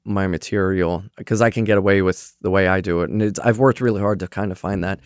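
A man's voice: deep voice, steady tone, fast talker, smooth, dry recording, clean studio sound. Casual, swearing male stand-up comic. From Philadelphia area. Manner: loose and conversational, with frequent fillers and swearing. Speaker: stand-up comedian. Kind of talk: casual interview chat.

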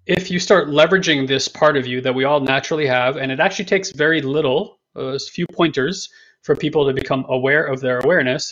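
A man's voice: mid-range voice, fairly bright tone. A man co-hosting a podcast in casual talk, rambling, repeating himself and joking around. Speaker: podcast co-host. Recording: dull lo-fi sound.

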